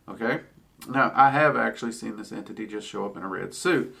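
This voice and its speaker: A man's voice: medium pitch, vocal fry, fairly bright tone. A man teaching about occult spirits in a casual, chatty way, with frequent ums and wry asides. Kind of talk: casual explanatory talk.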